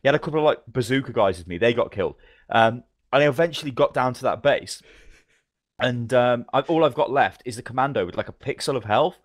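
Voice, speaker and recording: Man, podcast co-host, rapid talk, dry close sound, animated and sweary. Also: medium pitch, no room sound. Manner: fast, animated storytelling, swears freely. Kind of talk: casual gaming chat.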